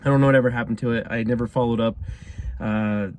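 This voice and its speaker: A man's voice: medium pitch, fairly even intonation, quick pace, darkish tone, low-quality recording. A man in his thirties from Utah telling a long, rambling story in a casual way, laughing often and acting out the people he quotes. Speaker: car restorer telling a story.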